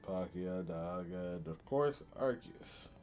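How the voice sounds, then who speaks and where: A man's voice: deep voice, lively intonation, slow, a little mellow, faint music behind. A tired man streaming a video game, chatting casually and correcting himself as he goes. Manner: rambling, self-correcting. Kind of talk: casual let's-play commentary.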